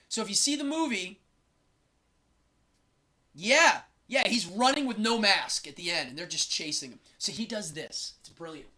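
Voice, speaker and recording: A man's voice: sits high, animated, moderate pace, bright, forceful tone. A man hosting a casual live stream, chatting and rambling with strong opinions. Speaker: host.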